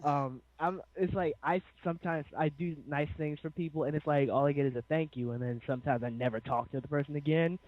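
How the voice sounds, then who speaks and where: A man's voice: a little high, steady tone, a little fast, few pauses. A male guest in a casual online chat, talking hesitantly with many fillers. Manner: hesitant, lots of "like". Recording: tinny call line.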